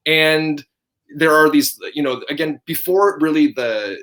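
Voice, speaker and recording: A man in his thirties telling a story in casual chat as a podcast host, animated and laughing often. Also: fairly high pitch, unhurried.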